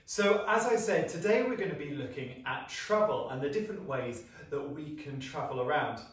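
A young British man leading a children's singing assembly, upbeat and encouraging as he guides vocal warm-ups and sound effects. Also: a little high, lively intonation, moderate pace. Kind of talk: lively music lesson for children. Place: small flat, echoey room. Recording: echoey room, mic at a distance.

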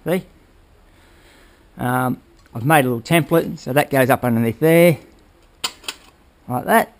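A man's voice: mid-range voice, unhurried, a little hiss or hum. Chatty man explaining his bike build. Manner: rambling, hands-on, addresses viewers with "all right?". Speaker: motorbike build vlogger. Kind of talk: casual workshop how-to talk.

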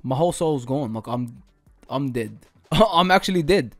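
Lively swearing gamer guy. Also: medium pitch, normal speed. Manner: swears a lot, laughs often, loud outbursts. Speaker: gaming YouTuber. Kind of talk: casual gaming commentary.

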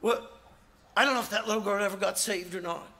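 A man preaching as an evangelist, animated, acting out quotes in his sermon. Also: high voice, quick pace.

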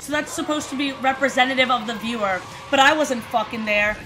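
A woman in her twenties hosting casual commentary, animated and sarcastic, swearing freely. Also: high voice, a little fast, over music, low-quality recording. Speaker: host.

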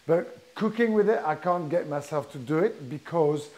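A man's voice: on the high side, darkish tone. A middle-aged man, a chef talking his audience through a live cooking demonstration in a chatty way, often restarting his sentences. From France. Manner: chatty, halting restarts, explains step by step.

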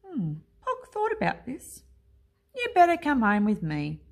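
A woman voicing a small young male monster who boasts loudly but is secretly scared of children. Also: wildly swooping pitch, a little slow, creaky, exaggerated voice. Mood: curious. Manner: proud and blustering, then squeaky when scared.

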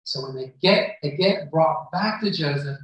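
A man's voice: on the high side, animated, unhurried. Male preacher in a very echoey hall. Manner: storytelling, acts out the characters' lines. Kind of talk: sermon retelling a Bible story. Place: church hall. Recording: very echoey hall, voice far from mic.

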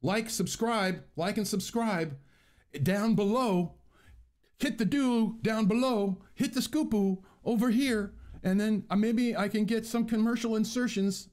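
A man's voice: high-pitched, measured pace, a little mellow, voice pushed up. A man mocking an overeager male YouTuber, repeating catchphrases in a chirpy, sing-song manner. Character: overeager male YouTuber hyping his viewers. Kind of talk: mocking parody. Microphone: earbud mic.

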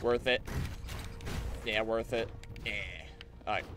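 A man's voice: little pitch movement, takes it slowly, noisy background. A man casually commenting on a game he plays on stream, rambling and joking as he goes. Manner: rambling, jokey, puts on silly high voices for clone banter.

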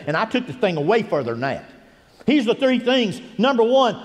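An older man preaching a folksy sermon as a guest pastor, swinging between hushed and rising emphasis. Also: high voice, expressive, brisk, in a large hall. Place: church sanctuary.

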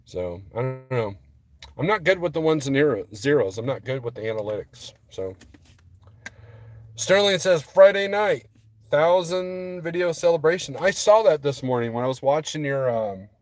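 A man vlogging as a trucker, rambling casually to his viewers and getting worked up as he talks. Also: mid-range voice. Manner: rambling, restarts often, gets heated.

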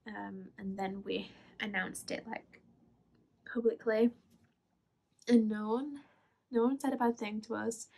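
Gravelly young woman vlogging casually. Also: a little high, warm tone. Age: 20s. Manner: chatty, halting, many fillers and laughs. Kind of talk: casual storytelling to camera.

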